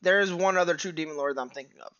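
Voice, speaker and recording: High-voiced man explaining anime lore. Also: very fast, pushed and bright, smooth. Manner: explaining, asks himself rhetorical questions. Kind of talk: casual chat about anime. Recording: dull lo-fi recording.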